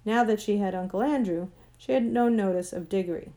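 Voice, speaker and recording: A woman narrating a children's storybook aloud in a measured, gentle way. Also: medium pitch. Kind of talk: audiobook narration.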